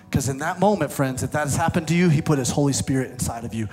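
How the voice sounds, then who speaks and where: A man preaches to a church and an online audience in a high voice, with faint music underneath. He swings from fervent, near-sung shouts to a soft, prayerful hush as he leads a prayer. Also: expressive, brisk. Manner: impassioned, rising to shouts and dropping to hushed prayer. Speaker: pastor. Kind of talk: sermon. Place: church service streamed online.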